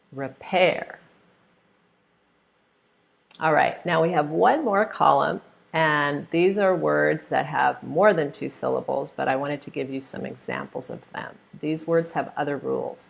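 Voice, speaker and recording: A young American woman teaching pronunciation online speaks in a low, gravelly voice with vocal fry, and the audio is dull. She models stressed syllables slowly and with exaggeration, drawing them out in her examples and sometimes acting out brief scenes to make her point.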